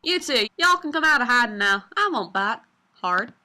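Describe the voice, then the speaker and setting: A woman voicing a loud, pushy Southern woman photographer in a fan game dub, with a put-on Southern drawl and a folksy, blustering manner. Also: on the high side, lively intonation, normal speed. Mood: friendly.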